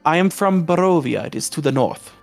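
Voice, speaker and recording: A man's voice: a little high, animated, gravelly, faint music behind, pitched above the performer's own voice. A man putting on a pompous foreign vampire count. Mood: courtly. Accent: put-on foreign accent. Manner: stiff formal speech with hesitant pauses.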